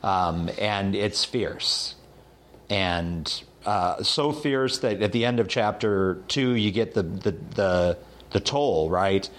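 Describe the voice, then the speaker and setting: A man with a lowish voice talks through a scripture passage in a relaxed study conversation. He narrates in an animated way, stopping often with ums and repeated words. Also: slow. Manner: animated retelling with hesitant fillers. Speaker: Bible teacher.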